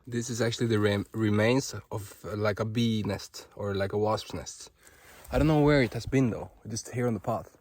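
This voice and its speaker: On a hot day in the forest, a Norwegian vlogger talks at normal speed in a fairly low voice with a Norwegian accent, and there's no echo. His casual walking vlog is full of excitable gushing, rambling, and fillers.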